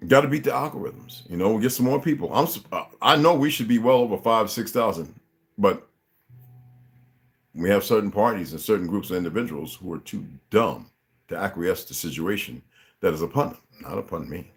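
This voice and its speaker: A man's voice: lowish voice, animated, a little fast. A man hosting a livestream, talking casually to his viewers in a rambling, preachy and profane way. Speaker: livestream host.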